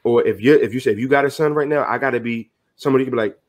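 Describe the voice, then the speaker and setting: A middle-aged man speaking as a podcast guest, earnest and motivational. His voice sits at an ordinary pitch, and he talks in a loose, slangy way. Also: racing. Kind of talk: casual podcast conversation.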